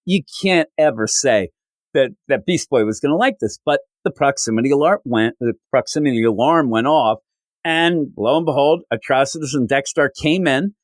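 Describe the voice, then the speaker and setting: A man hosting a comics podcast, recapping a story with animated storytelling and acted-out quotes. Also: mid-range voice, moderate pace, dry recording. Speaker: podcast host. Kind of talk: casual comic review recap.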